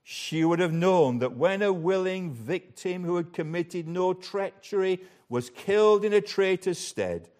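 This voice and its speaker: A man reading aloud the words of a great, majestic lion from a storybook, grave and measured. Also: sits high, expressive, darkish tone, pitched above the performer's own voice. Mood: solemn. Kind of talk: storybook read aloud in a sermon.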